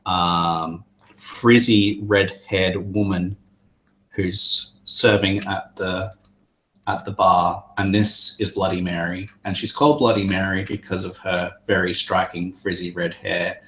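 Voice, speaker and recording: A man narrating a tabletop game as game master, hesitant and halting. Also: low voice, flat delivery, pushed and bright. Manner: hesitant, many fillers and restarts.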